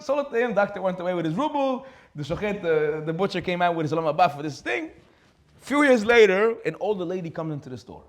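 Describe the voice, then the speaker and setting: A man, a rabbi giving a Torah class, telling a story with lively acted-out dialogue. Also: high-pitched, quick pace. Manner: animated, acts out dialogue in a story.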